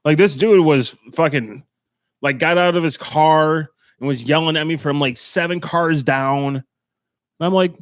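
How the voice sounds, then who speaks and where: A man's voice: fairly high pitch, unhurried, no echo, studio quality. A man telling stories in a casual podcast chat, laughing often and swearing freely. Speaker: podcast co-host.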